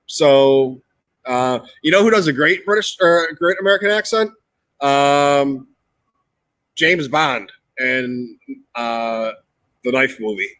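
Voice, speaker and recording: A man's voice: mid-range voice, slow pace, a bit bright, no room sound, low-quality recording. Man rambling in a dry close room. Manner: rambling, many fillers. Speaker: co-host. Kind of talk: casual live chat.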